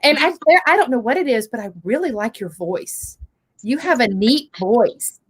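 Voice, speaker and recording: A woman's voice: on the high side, animated, moderate pace, breathy edge. Effusive woman judging a monologue contest. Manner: effusive, rambling, full of fillers like "you know". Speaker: host and judge of a monologue contest. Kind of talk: giving feedback to a contestant. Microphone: video call.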